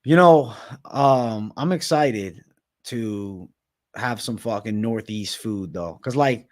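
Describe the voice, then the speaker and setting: Taking it slowly in a lowish voice, a young Massachusetts livestream host reads out viewer comments, keeping the chat loose and the swearing constant.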